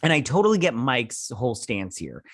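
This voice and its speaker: A man talks through a TV episode in a loose, rambling recap, paraphrasing scenes with a steady stream of "he's like". His voice sits at an ordinary middle pitch. The sound is dry and close, with no room echo. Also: moderate pace, slightly rough. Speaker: host. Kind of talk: casual episode recap and review.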